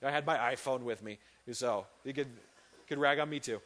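A man's voice: medium pitch, moderate pace, fairly bright tone. A young man, a youth pastor, telling a story in an earnest, conversational sermon with many fillers and restarts. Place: church hall.

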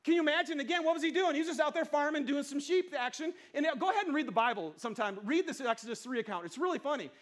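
High-voiced pastor, chatty sermon. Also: male voice, rapid-fire, few pauses. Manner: lively, chatty preaching with playful asides and repeated words. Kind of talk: casual conversational sermon.

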